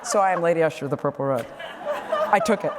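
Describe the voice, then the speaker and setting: A woman's voice: sits low, quick pace. An older woman from Boston, a guest speaker telling a wry anecdote at an event and laughing often. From Boston, USA. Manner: wry, animated storyteller who laughs often. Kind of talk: humorous anecdote. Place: event hall. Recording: echoey hall, faint hiss.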